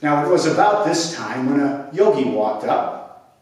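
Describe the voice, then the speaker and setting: A man telling a children's story with playful, expressive narration and sound effects. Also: fairly high pitch, unhurried. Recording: echoey room, mic at a distance.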